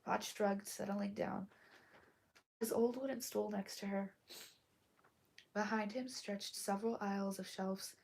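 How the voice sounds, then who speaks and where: A woman reading a story aloud while sick and hoarse, coughing between lines and often dropping to a whisper. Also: mid-range voice, fairly even intonation, a little mellow. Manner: slow, halting, often drops to a whisper. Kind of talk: casual live read-aloud with asides.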